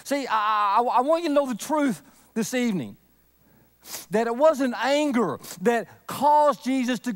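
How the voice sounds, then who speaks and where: A man preaching a sermon, earnest, swinging from loud emphasis to a near whisper. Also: very high voice. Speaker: pastor.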